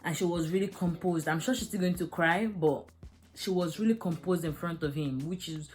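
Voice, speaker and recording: A woman's voice: lowish voice, normal speed, a little mellow, faint music behind. A young woman reviewing a drama episode, talking frankly and emotionally with many fillers. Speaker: series reviewer. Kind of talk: casual video review.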